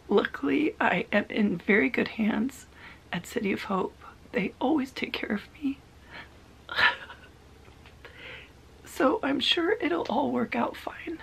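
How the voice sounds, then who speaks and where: A woman in her thirties recording a personal video diary, talking in a soft, halting, confiding way that often drops to a half-whisper. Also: high voice, gravelly, husky. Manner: emotional, confiding. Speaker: vlogger.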